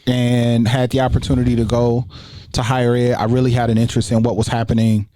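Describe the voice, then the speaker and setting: A man, talking in a relaxed, casual way as a guest on a podcast interview. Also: mid-range voice, quick pace, dry recording. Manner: relaxed, conversational, many fillers. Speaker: guest, education researcher.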